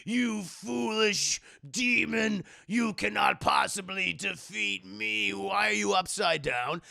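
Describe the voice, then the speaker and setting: A man voicing a boastful, cruel male rock demon who laughs and shouts his taunts slowly. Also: vocal fry, heavily acted. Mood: gloating. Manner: slow booming shouted taunts with evil laughter.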